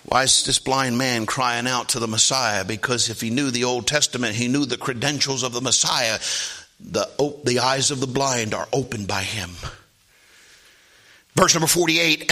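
A man preaching a sermon in a church, swinging from soft asides to shouted lines. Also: medium pitch, normal speed.

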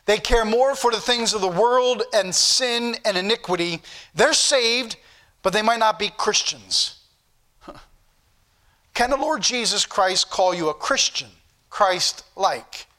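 A man's voice: high voice, slow, pushed and bright. A man preaching a Sunday school sermon, earnest and rising to fervent questions, with old-fashioned scripture phrasing.

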